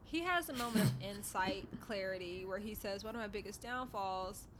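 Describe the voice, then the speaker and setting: A woman's voice: mid-range voice, moderate pace. A woman in a casual podcast chat, talking through episodes with dry, wry asides. Her voice sits in a middle range. A faint layer of background noise runs under her speech. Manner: chatty, wry asides, acts out quotes in mock voices. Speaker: podcast co-host. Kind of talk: casual chat recapping a reality show.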